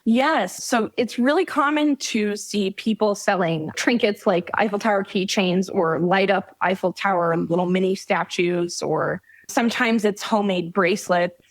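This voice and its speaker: Female podcast guest, mid pitch, dry close sound, direct and emphatic advice-giver. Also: normal speed, few pauses, no echo. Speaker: guest, travel guide author. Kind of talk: casual conversational interview.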